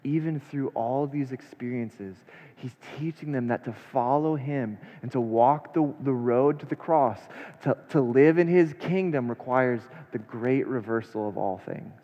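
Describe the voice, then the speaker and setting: A man preaching a sermon, reading scripture aloud and then unpacking it with rhetorical questions, his delivery swinging between hushed and emphatic. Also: medium pitch, a little slow. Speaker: pastor. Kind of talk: expository sermon. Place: church sanctuary. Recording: long church reverb, dull lo-fi sound.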